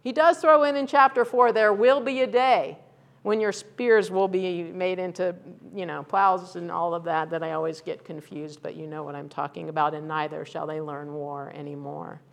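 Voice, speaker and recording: A woman's voice: lowish voice, steady tone, normal speed, vocal fry. A middle-aged woman pastor preaching a conversational, candid sermon that rises to fervent emphasis.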